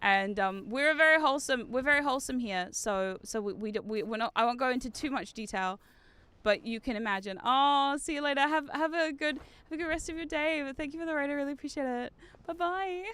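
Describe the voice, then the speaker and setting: A young woman from the UK with a British accent softened by New Zealand, chatting casually while streaming a game, rambling on tangents and swearing freely. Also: sits high, a little fast. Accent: British mixed with New Zealand. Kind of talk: casual gaming stream chat.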